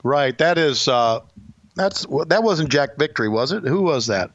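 A man co-hosting a casual wrestling chat, wry and quick to laugh along. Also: fairly high pitch, lively intonation, dry recording, muffled recording. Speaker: wrestling podcast co-host.

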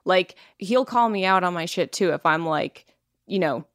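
Woman from Canada, 30s, low-ish voice, candid and giggly guest, dry studio sound. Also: lively intonation, moderate pace, dry recording. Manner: candid, laughs often, many filler "like"s. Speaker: actress and podcast guest. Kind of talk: casual interview chat.

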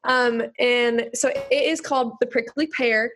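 A woman's voice: fairly high pitch, steady tone, unhurried, a bit bright, slight background noise. A young woman in her late teens, a guest on a podcast, chatting in a bubbly way with many fillers. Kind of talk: casual interview chat.

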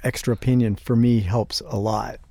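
A man's voice: mid-range voice, steady tone, normal speed, gravelly, dark tone, no room sound, studio quality. A man hosting an interview, asking rambling questions full of fillers and restarts. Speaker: interview host. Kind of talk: casual interview talk.

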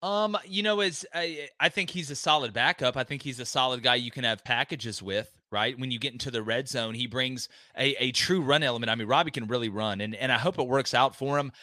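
A man as a guest sports analyst on a remote call, talking in an emphatic, folksy casual way and repeating words when excited. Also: medium pitch, a little fast, hardly any pauses, no echo. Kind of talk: animated casual podcast talk.

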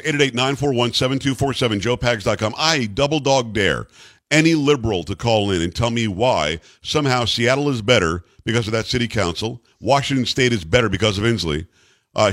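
A man's voice: medium pitch, fairly bright tone, dry recording. A man hosting a talk radio show, delivering emphatic commentary full of repeated rhetorical questions into a studio microphone.

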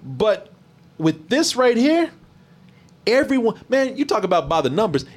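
A man hosting a casual movie review stream, animated, profane and mocking. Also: high voice, measured pace.

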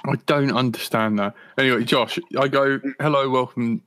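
A man's voice: mid-range voice, fairly even intonation, normal speed, fairly bright tone. A man hosting a livestream, casual chat in a playful, teasing way. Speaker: host.

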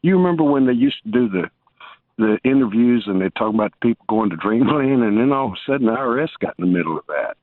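This caller speaks fast at a medium pitch with lively intonation, and there is no room sound despite the tinny phone line. He rambles through casual banter with the talk-show host, restarting sentences and ribbing him good-naturedly.

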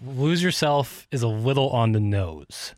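A man's voice: medium pitch, lively intonation, a little slow, darkish tone, no echo, studio quality. A young man co-hosting a sports radio show, rambling casually with lots of "like" and defending his opinions. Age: young adult. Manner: rambling, heavy use of "like", defensive. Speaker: radio co-host.

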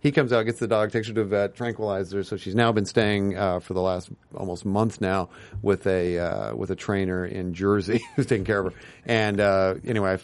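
A man's voice: lowish voice, little pitch movement, a little fast. A man guest in a casual interview, telling rambling anecdotes full of tangents and acted-out quotes. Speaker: guest, TV writer and producer.

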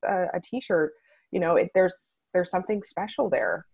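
A woman guest in a casual interview, talking in a lively way with many fillers. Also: fairly low pitch, normal speed, creaky, husky, no echo.

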